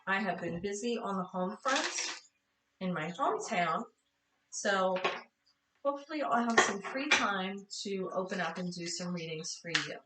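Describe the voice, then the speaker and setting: A woman's voice: mid-range voice, lively intonation, moderate pace, reverberant, far from the mic, heavy background noise. A woman giving a casual tarot reading, tired and chatty, apologizing and correcting herself as she goes. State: tired, yawning. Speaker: tarot reader.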